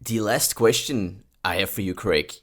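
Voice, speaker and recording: A man hosting a podcast interview, asking reflective questions in a soft-spoken way. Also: lowish voice, unhurried. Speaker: podcast host.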